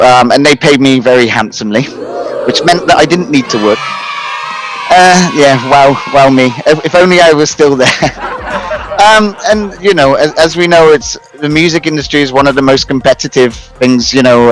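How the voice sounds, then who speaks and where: A man's voice: mid-range voice, low-quality recording. A British man in his thirties, a talk-show guest telling his career story in a rambling way, full of restarts and self-mocking laughs. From United Kingdom. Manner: rambling, many restarts and fillers, laughs at himself. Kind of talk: casual conversational storytelling.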